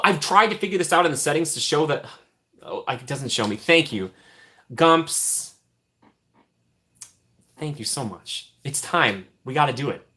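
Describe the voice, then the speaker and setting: A young man hosting a casual live stream, chatting with viewers, laughing often and trailing off into soft mumbles. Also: medium pitch. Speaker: livestream host.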